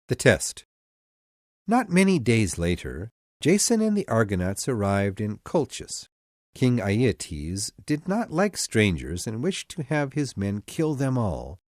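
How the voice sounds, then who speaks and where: Man narrating myths with a lively lilt. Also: on the low side, no echo, clean studio sound. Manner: expressive, storytelling delivery. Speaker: audiobook narrator. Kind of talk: scripted storybook narration.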